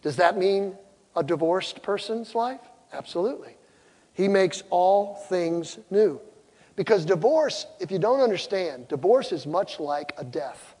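Animated male pastor in a reverberant hall. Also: sits high, a little slow, slightly rough. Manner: animated storytelling, acting out both sides of an argument. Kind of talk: storytelling sermon.

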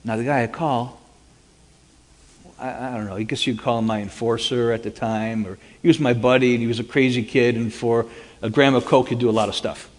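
A man's voice: mid-range voice, a little fast. A man giving a personal testimony as dramatic first-person storytelling, animatedly acting out the dialogue. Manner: animated, acts out quoted dialogue. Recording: long hall reverb.

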